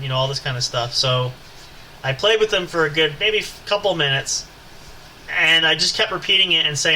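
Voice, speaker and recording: A man's voice: fairly high pitch, brisk, sharp tone, a little hiss or hum, poor audio. A man hosting a podcast, telling a long anecdote in a rambling, casual way with many fillers and asides. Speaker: podcast host. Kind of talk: casual storytelling.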